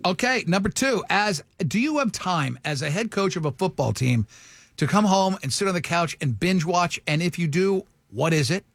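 A man's voice: sits high, expressive, moderate pace, dry recording. A man hosting a radio show, chatting casually with a guest and firing off jokey asides.

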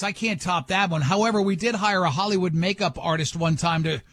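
A man's voice: high-pitched, a bit bright. A man hosting a radio show, telling stories with a laugh and acting out the people in them. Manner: laughing storyteller, acts out quoted voices. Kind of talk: casual radio chat.

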